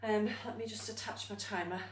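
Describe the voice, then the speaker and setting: A woman's voice: medium pitch, steady tone, fairly quick, a little hiss or hum. A woman fitness instructor coaching a live online exercise class, upbeat and self-mocking as she counts down, and out of breath while she works out with the class. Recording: roomy echo, from a distance.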